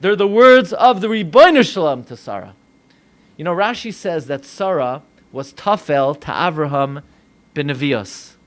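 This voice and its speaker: An American man, a rabbi, preaching a sermon with animated delivery, acting out voices in dialogue. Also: fairly high pitch, normal speed. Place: synagogue.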